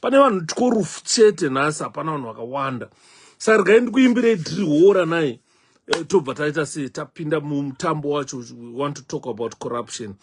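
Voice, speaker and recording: A man with a Zimbabwean accent hosting a live stream, exclaiming loudly and dropping to soft murmurs. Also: fairly high pitch, expressive, fairly quick, breathy edge. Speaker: online show host.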